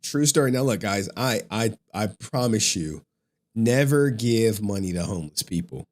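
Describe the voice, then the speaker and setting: A man's voice: on the low side, expressive, moderate pace. A man hosting a casual stream, slangy and emphatic, talking straight to viewers. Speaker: stream host.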